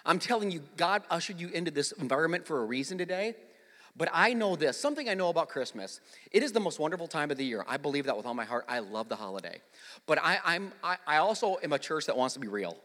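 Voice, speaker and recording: Bright-voiced energetic male pastor in a hall. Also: on the high side, fast. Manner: energetic storytelling with call-and-response. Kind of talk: sermon. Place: church sanctuary. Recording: echoey church hall.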